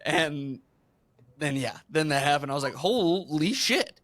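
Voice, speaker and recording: A man's voice: fairly high pitch, little pitch movement, moderate pace, a bit bright, dry recording. A young man co-hosting a casual sports podcast, laid-back, chiming in often and laughing easily. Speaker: podcast co-host.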